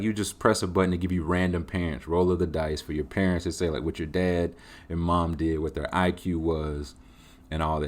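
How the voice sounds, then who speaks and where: A man hosting his own show, giving casual joking commentary on sports and video games. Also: deep voice. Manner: jokey, animated, voices quoted game text. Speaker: host.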